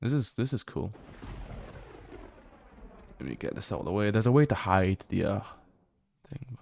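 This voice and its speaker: Streaming a horror game, a man chats casually while exploring, laughing a lot and swearing occasionally. His fairly low voice is expressive and gravelly with a touch of mellowness, delivered at normal speed.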